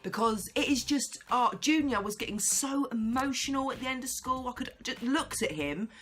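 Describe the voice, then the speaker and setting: A woman's voice: sits high, animated, normal speed, a bit bright, slight background noise. A woman, a vlogger, ranting to camera in an exasperated, sarcastic way and laughing along.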